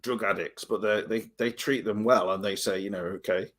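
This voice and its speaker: A man co-hosting a casual livestream chat, rambling and halting, often trailing off into mumbles. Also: lowish voice, fairly even intonation, a bit bright. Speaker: co-host.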